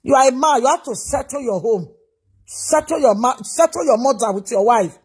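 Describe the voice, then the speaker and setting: A woman's voice: on the high side, animated, normal speed, darkish tone, husky. A woman lecturing and scolding a man, mixing English with a local language. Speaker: commentator. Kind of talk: scolding commentary.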